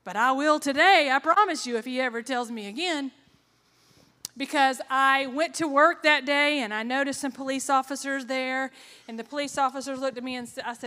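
A woman's voice: high-pitched, normal speed, bright, forceful tone. A woman from Georgia, giving an earnest, heartfelt personal faith testimony. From Georgia, USA. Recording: reverberant hall.

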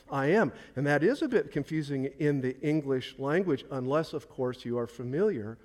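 A man's voice: mid-range voice, a little mellow. A man preaching a sermon, emphatic, repeating key phrases for stress and answering his own questions. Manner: asks questions and answers them himself. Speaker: pastor.

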